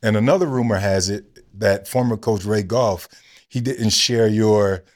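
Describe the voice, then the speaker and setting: A man with a fairly low voice co-hosts a casual podcast. He walks through a player's career step by step, then poses his question. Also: a little slow. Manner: laying out a career recap before asking questions. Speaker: podcast co-host.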